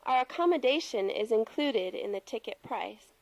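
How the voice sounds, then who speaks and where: A woman voicing a friendly caller in a textbook audio dialogue, speaking clearly and politely. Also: fairly high pitch, expressive, normal speed, no echo, rough recording.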